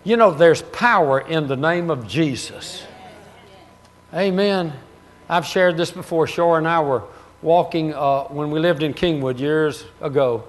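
Pastor guy preaching, tells stories, laughs, bursts out loud, kinda high voice. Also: measured pace. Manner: storytelling, laughs at his own stories, rises to loud exclamations. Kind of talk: sermon.

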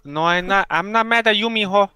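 A man's voice: high-pitched, a little fast, crowd noise, close to an everyday voice. A man voicing a hot-headed macho tough guy with a put-on Spanish accent, taunting in short broken-English jabs during drunk gaming banter. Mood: menacing.

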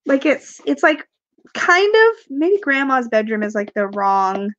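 High-voiced chatty woman with a cough. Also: sing-song, unhurried, a bit bright, lo-fi sound. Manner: rambling, chatty, laughs often, reads viewer comments aloud. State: has a cough, sucking cough drops. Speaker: tarot video creator doing a live unboxing. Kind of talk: casual live-stream chat.

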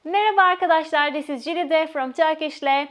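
A woman teaching a language lesson in a scripted, expressive way, acting out short example phrases. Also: sits high, brisk, a little hiss or hum. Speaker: Turkish teacher.

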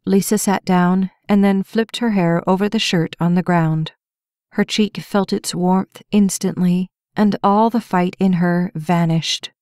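A woman narrating a romance audiobook with even, measured storytelling. Her voice sits a little low. The sound is close and dry, with no room in it. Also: clean tone, no room sound. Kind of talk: scripted narration.

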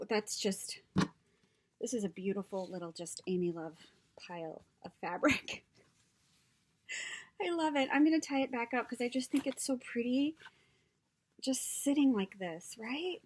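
A middle-aged woman chatting casually as she opens crafting mail, gushing and excitable, often dropping into whispers. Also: fairly high pitch, slightly rough. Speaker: crafter opening happy mail. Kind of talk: casual unboxing chat.

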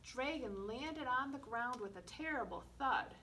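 A woman librarian reading a picture book aloud at a children's storytime, slow and expressive with playful asides. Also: on the high side. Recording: distant mic with faint room noise.

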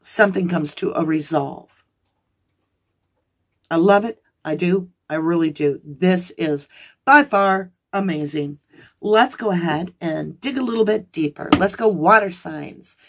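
A woman with a fairly low voice reads tarot cards for her viewers. She is excitable and gushing and talks straight to them as each card turns up. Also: measured pace. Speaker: tarot reader.

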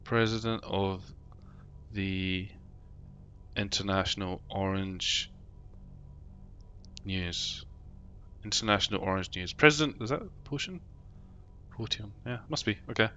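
A London man streams a game with its music playing, rambling, joking, swearing casually and reading out chat messages. His voice is fairly low and sharp in tone, at a measured pace broken by long pauses. The audio sounds dull.

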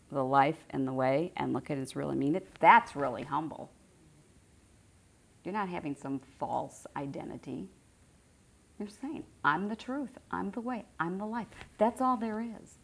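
A woman's voice: fairly low pitch, expressive, unhurried, vocal fry. A middle-aged woman giving an informal spiritual teaching to a group, conversational and repeating phrases for emphasis.

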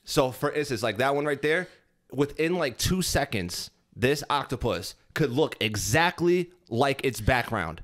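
A man co-hosting a casual podcast chat, talking haltingly with repeated words and fillers. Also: mid-range voice, expressive, fairly bright tone. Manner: hesitant, repeats himself with many fillers. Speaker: podcast co-host.

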